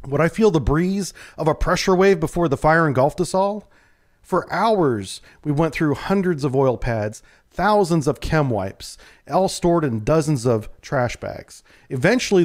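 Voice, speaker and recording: A man, a navy submarine veteran, telling a first-person true story in a calm, measured way. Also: a little high.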